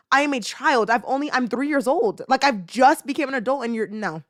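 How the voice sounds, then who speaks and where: A woman's voice: high-pitched, expressive, moderate pace, no room sound. Young woman ranting, dry close mic. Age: 20s. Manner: emotional, rambling, swings between yelling and muttering. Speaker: podcast host. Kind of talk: casual ranting chat.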